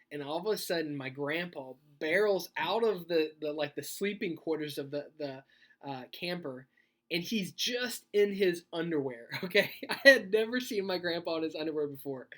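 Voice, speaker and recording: A man speaking as a youth pastor in a sermon video. He talks in a conversational, animated way and tells a personal story, laughing as he goes. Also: fairly high pitch. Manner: conversational, animated, laughs while telling stories.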